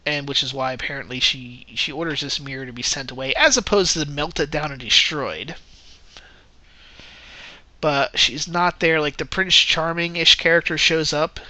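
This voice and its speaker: A man's voice: a little high, normal speed, bright, forceful tone, no echo. A man giving a casual spoken movie review, rambling and correcting himself as he goes, often breaking into laughter. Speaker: film reviewer.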